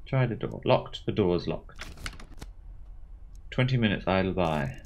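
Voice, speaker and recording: Brief: low-voiced man narrating a text game, animated and wry, faint hiss behind. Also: a little slow. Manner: wry, expressive reading. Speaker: streamer. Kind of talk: reading a text game aloud.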